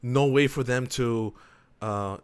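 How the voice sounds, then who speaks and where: A man co-hosting a casual chat show, excitable, teasing and quick to swear. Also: mid-range voice, clean tone. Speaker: co-host.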